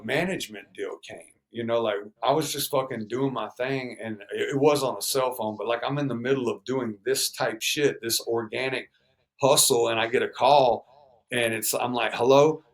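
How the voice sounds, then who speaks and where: A man's voice: mid-range voice, normal speed. A man, telling stories in a casual interview, swearing freely and acting out the voices of people he quotes. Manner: profane, animated, acts out quoted voices. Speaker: guest musician.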